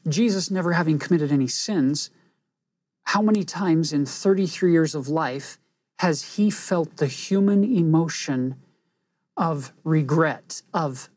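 An earnest woman teaching a scripture lesson, reflective and deliberate. She talks slowly, with a mellow, husky, breathy voice, and her pitch sits a little low. The sound is dry and close. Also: lively intonation, dry recording. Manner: earnest, reflective, pauses for emphasis.

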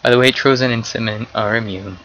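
A young man giving casual, excitable commentary while playing an online game, often swearing and exclaiming at what happens. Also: medium pitch, a little fast, slight background noise, low-quality recording. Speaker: gameplay commentator.

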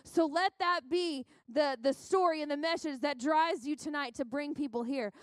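A woman's voice: high-pitched, moderate pace, no room sound. A young woman pastor preaching at a women's conference, fervent and exhorting, with lots of repetition. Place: church sanctuary.

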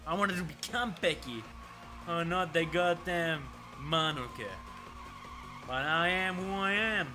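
An excitable man commentates his own arcade racing run for viewers. His voice sits fairly high and swings widely in pitch, jumping from loud yelps to muttered asides. Loud game music plays under him. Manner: excitable, animated, chatting to viewers, swears casually. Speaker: streamer. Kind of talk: live gameplay commentary.

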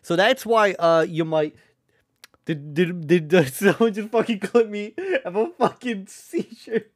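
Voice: medium pitch, a little slow. A live streamer chatting casually from their own room at home, rambling, swearing often and keeping their voice down. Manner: keeps voice down to avoid being loud. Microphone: desk microphone with lowered sensitivity.

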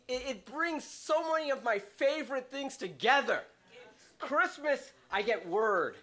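A male preacher delivering a sermon from a church, his voice swinging widely in pitch as he gets excited. He talks in an animated way, laughs often, and acts out the people in his stories. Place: church sanctuary.

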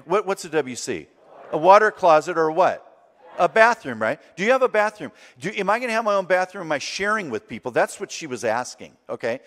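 A middle-aged man from Southern California preaching a sermon as a guest speaker. He tells stories and acts out the voices in them. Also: fairly high pitch. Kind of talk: storytelling sermon. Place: church sanctuary. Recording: long reverb of a large church hall.

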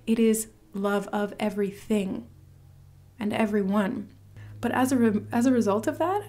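A woman's voice: medium pitch, mellow. A woman hosting her own channel, giving an earnest, gushing tarot reading to camera and dropping to a whisper for emphasis. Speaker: tarot reader, channel host. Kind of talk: casual spiritual reading to camera.

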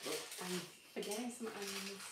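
A woman's voice: mid-range voice, moderate pace. Chatty woman cooking live, echoey and distant. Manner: chatty, narrating each step, laughing at small slips. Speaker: livestream cooking host. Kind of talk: casual live cooking chat. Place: home kitchen. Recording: echoey room, far from the mic, audible noise.

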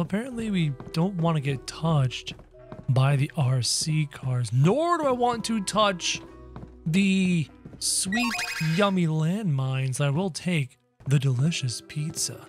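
A high-pitched man narrating his gameplay with wildly swooping, animated intonation. He reacts to everything in an excitable, exaggerated way, with faint game music playing behind him. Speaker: gaming channel host. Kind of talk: playful game commentary.

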